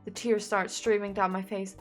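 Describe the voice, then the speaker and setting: A young woman reading fanfiction aloud as a content creator, breaking in with animated, sarcastic jokes and giggles. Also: mid-range voice, moderate pace, faint music behind.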